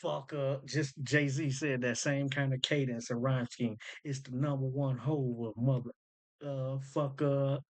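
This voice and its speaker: A man's voice: medium pitch, fairly even intonation, a little slow. Laid-back man musing over rap lyrics. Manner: thinks aloud, repeats lines back, slangy and loose. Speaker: host breaking down rap lyrics. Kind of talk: casual commentary.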